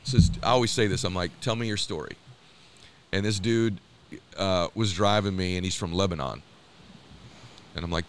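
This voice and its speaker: A middle-aged man being interviewed on a podcast, with a lowish voice and an earnest, motivational way of talking. He tells animated stories and acts out the people in them. A faint hiss of room ambience sits behind him. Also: moderate pace, long pauses. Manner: animated storyteller, acts out quoted dialogue. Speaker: guest.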